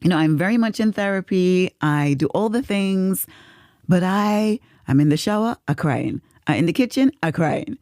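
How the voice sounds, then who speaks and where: Lively, expressive woman chatting. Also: on the low side, normal speed, no echo, clean studio sound. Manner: expressive storyteller, laughs often. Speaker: podcast co-host. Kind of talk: casual podcast chat.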